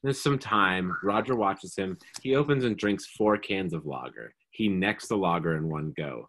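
A reader calmly reading stage directions aloud in a live script reading. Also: sits low, moderate pace.

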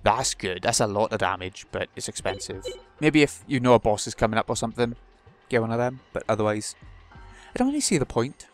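A man's voice: on the low side, very animated, fairly quick, faint music behind. A British man giving casual commentary on a video game he is playing, with dry, wry asides. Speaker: let's play host.

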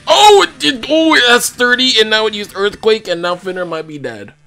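Lively young male gamer host. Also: normal speed, creaky, faint music behind. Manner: excitable, jumps high in pitch. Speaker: let's play host. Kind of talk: casual gaming commentary.

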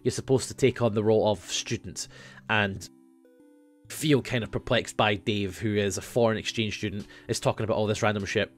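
A man hosting a casual let's play, chatty and excitable, sometimes trailing off into mumbles. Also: on the low side, fairly quick, soft background music. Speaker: gaming channel host.

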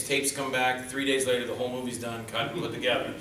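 A man with a bright, forceful voice tells loose, rambling stories about making low-budget films and slips into quick put-on voices for the people in them. He sounds set back from the mic in a roomy hall, with a faint hiss underneath. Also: far from the mic. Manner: rambling anecdotes, acts out quoted lines in put-on voices. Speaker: indie filmmaker on a convention panel. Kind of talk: casual storytelling on a panel. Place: convention panel room.

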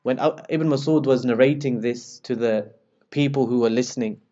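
A man giving a religious lesson, retelling narrations with lively storytelling and speaking directly to his listeners as brothers. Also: moderate pace. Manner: lively storytelling, rises in pitch and volume when quoting dialogue. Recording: slightly dull lo-fi recording.

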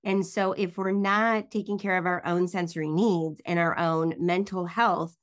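A woman's voice: lowish voice, steady tone, moderate pace. A woman podcast host in casual interview chat, earnest and emphatic. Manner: earnest, emphatic, some ums.

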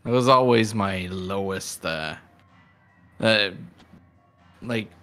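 Slow, low-voiced man chatting on stream. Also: bright, forceful tone, soft background music. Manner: rambling and self-deprecating, laughs often. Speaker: livestream host. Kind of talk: casual live-stream chat.

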